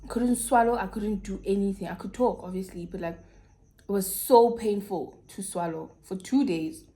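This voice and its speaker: A woman's voice: medium pitch, normal speed, warm tone. A young South African woman with a South African accent, frankly telling a personal story to her viewers in casual, slangy chat. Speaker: YouTuber.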